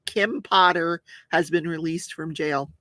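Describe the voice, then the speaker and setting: A woman's voice: deep voice, unhurried, a bit bright, no room sound, studio quality. An older woman hosting a casual livestream, chatting and reading viewer comments aloud while she crafts, laughing often. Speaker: host of a crafting and true-crime talk show.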